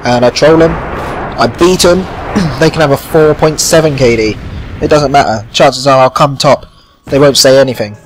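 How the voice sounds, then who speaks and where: A man's voice: medium pitch, fairly quick, slight background noise. Chatty man commenting on gameplay. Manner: rambling, chatty, swears casually. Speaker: gaming channel host.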